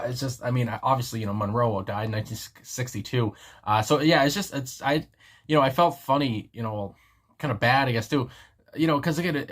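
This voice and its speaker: A man's voice: medium pitch, a bit bright. A man hosting a music reaction video, talking casually and rambling with lots of fillers and restarts. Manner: rambling, filler-heavy, frequent laughs. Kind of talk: casual song reaction commentary.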